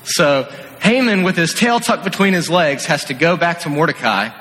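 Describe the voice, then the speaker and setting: An energetic male preacher tells a story to his congregation with a playful, lively delivery. His high, bright voice carries through a long, echoing hall. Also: moderate pace. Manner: energetic, playful, acts out scenes. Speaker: youth pastor. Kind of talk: animated sermon storytelling. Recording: echoey hall.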